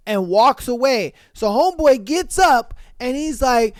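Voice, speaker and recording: A podcast host casually reading listener comments aloud, with profane, animated slang and frequent laughter, close to the mic. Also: medium pitch, a little slow, few pauses, no room sound.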